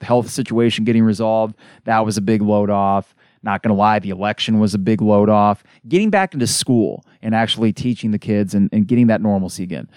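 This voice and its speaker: A man hosting a solo sports podcast, ranting in an exasperated, animated way. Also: on the low side, dry recording, studio quality. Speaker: podcast host.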